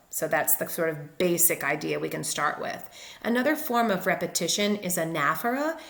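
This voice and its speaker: A woman's voice: lowish voice, gravelly, fairly bright tone, reverberant. A woman literature teacher explaining step by step over slides in a recorded lecture. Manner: methodical, explanatory.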